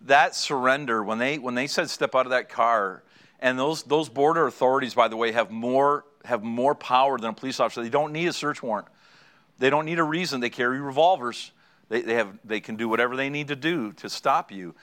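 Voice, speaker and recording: Bright-voiced animated male preacher. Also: medium pitch, brisk. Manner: animated, acting out the people in his story. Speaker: pastor. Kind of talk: storytelling sermon.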